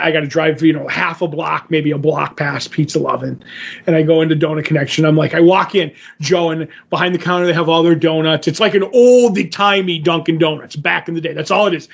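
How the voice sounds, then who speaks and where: A man with a notably high voice tells a meandering story in casual podcast chat, slipping into the lines he and others said. The audio is dull and lo-fi. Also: creaky. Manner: rambling anecdote teller, acts out his own quotes. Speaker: podcast co-host.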